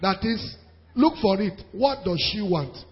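A man preaching a sermon to his church, animated, with pidgin asides and laughter. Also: high voice, measured pace. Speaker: pastor. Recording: dull sound in a reverberant hall.

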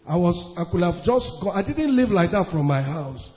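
A man preaching a sermon as pastor, emphatic, repeating his phrases and breaking into sudden shouts, heard in a church hall. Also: sits high, big pitch swings, moderate pace, hardly any pauses. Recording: dull sound with long hall reverb.

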